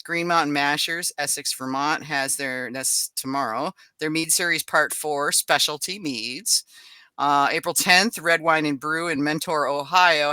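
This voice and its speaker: A woman with a low-pitched, pushed and bright voice hosts a podcast, briskly reading a list of upcoming events. She keeps it casual with chatty asides and small laughs, and there's no room sound.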